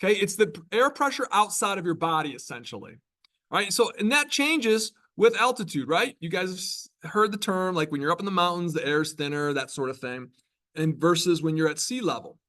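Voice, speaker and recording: Chatty lecturing man, slightly high voice. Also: expressive, brisk, pushed and bright. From New York. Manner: conversational, chatty, with frequent tag questions. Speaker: college biology lecturer. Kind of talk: classroom lecture. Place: classroom.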